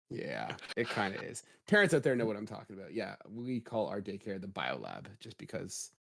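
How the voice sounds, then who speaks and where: Animated man hosting a podcast. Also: on the low side, creaky, slight background noise. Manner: animated, jokey, rising emphasis. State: slightly rough voice after a cold. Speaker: podcast host. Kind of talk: casual podcast chat.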